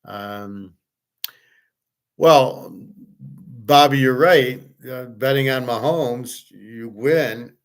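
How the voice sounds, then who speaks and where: A middle-aged man talks in a loose, rambling way at a middle pitch. He is blunt and repeats himself, doubling words as he goes and swearing now and then. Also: very slow. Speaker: host. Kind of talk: casual chat to viewers.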